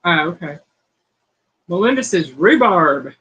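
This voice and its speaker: A woman's voice: on the low side, expressive, a little slow, a bit bright, husky, muffled recording. A woman hosting a home cooking livestream, chatting casually and reading viewer comments aloud. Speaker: cooking channel host.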